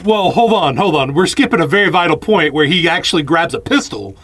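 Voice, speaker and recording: A man's voice: on the high side, expressive, fairly quick, a bit bright. A man co-hosting a podcast, chatting about a film with wry humor, often laughing and quoting scenes. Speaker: podcast co-host. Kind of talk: casual movie recap chat.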